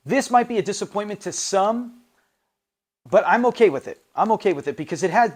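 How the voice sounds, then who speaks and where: A man with a voice pitched a little above the usual male range walks through his favorite episodes in casual chat. He keeps it animated, laughing between points and acting out the quoted lines as he goes. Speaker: host of a classic TV show recap channel. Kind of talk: casual enthusiastic recap talk.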